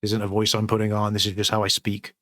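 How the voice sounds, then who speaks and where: A man's voice: on the low side, monotone, fast, fairly bright tone, dry recording, clean studio sound. A man, hosting his new channel in rambling, sweary casual chat from home.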